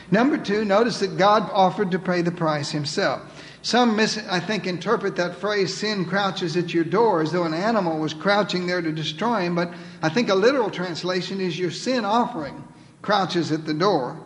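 Male pastor with a high voice, preaching emphatically in a reverberant church hall. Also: normal speed. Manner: emphatic preaching, quoting scripture, dropping to soft pleading. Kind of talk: sermon. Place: church sanctuary.

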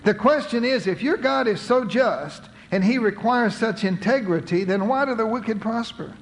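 Smug scheming tv host put on by a man, gleeful, showy, higher pitched, punchy. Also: lively intonation, moderate pace, poor audio.

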